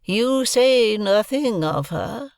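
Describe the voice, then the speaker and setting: A man voicing a brooding, imperious old woman recluse in an audiobook, drawing out each word slowly and commandingly. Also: high-pitched, expressive, vocal fry, no room sound, clean studio sound, pitched above the performer's own voice, full character voice. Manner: slow, drawn-out, commanding speech.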